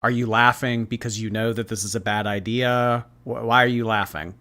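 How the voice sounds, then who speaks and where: A man's voice: mid-range voice, steady tone, moderate pace, sharp tone. A man hosting a casual livestream, reacting to clips and thanking viewers by name. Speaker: livestream commentary host.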